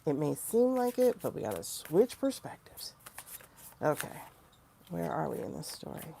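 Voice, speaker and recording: A woman hosts a casual tarot livestream, her low, gravelly, mellow voice rising and falling in lively swings. She chats to viewers by name and throws in mocking asides. A faint hiss of noise sits under the recording. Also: moderate pace. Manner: chatty, animated, talks to viewers by name; mocking asides, sudden loud exclamations. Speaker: tarot reader and livestream host.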